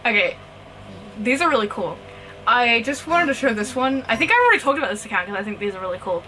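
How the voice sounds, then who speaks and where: A woman's voice: on the high side, big pitch swings, bright, forceful tone, a little hiss or hum, rough recording. A young woman hosting a pet channel, chatting casually and reacting to videos with frequent exclamations. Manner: chatty, gushing, quick to exclaim and laugh. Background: background music.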